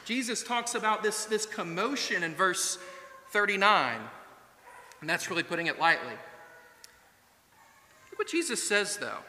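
A man's voice: high voice, animated, measured pace, long pauses, pushed and bright, slight background noise. A man in his thirties preaching a sermon to his congregation, speaking in an earnest, conversational way and asking rhetorical questions. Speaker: pastor. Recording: echoey church hall.

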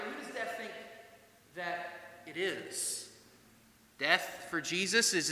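A man's voice: sits high, pushed and bright. A man in his thirties preaching a sermon to his congregation, speaking in an earnest, conversational way and asking rhetorical questions. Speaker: pastor. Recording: echoey church hall.

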